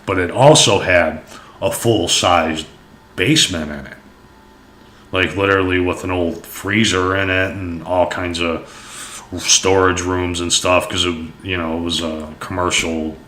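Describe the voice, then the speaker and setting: A man's voice: deep voice, bright, forceful tone, a little hiss or hum. A young man telling a personal story in a rambling, casual way, with lots of fillers and swearing. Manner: rambling, profane, many fillers.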